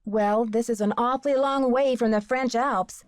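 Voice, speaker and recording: A man putting on a high falsetto to voice a young woman detective, reading her lines in a mock-prim way. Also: steady tone, moderate pace, clear, resonant tone.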